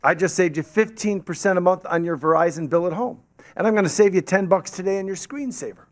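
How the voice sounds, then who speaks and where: Animated male storyteller at a podium. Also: sits high, fast talker. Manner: animated, acts out quoted voices. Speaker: guest speaker and storyteller. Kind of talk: storytelling speech to a club audience. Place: meeting hall with an audience. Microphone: podium microphone.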